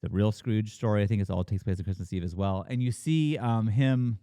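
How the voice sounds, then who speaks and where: Animated man recapping a film, swearing freely. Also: fairly quick, clean tone, dry recording, clean studio sound. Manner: animated retelling, acting out characters' lines with big pitch jumps; frequent swearing and fillers. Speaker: podcast co-host reviewing a film. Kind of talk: casual chat.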